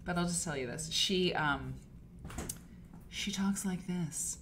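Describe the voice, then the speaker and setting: A woman's voice: lowish voice, takes it slowly, fairly bright tone, slight background noise. A woman hosting a casual live quilting stream, gushing and chatty, rambling with fillers and restarts. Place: home studio. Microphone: desk mic for a live stream.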